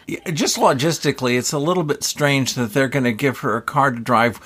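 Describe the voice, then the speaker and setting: A wry older man joins a podcast as a guest, pondering in a halting, musing way. His voice sits at an ordinary middle pitch. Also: fairly bright tone. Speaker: guest, host's father. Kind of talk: casual chat.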